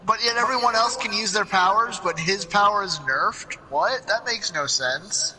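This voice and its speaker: A man's voice: high-pitched, normal speed, bright, forceful tone, poor audio. A young man co-hosting a gaming video, chatting casually with jokey asides. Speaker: co-host playing the game. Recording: game crowd noise behind.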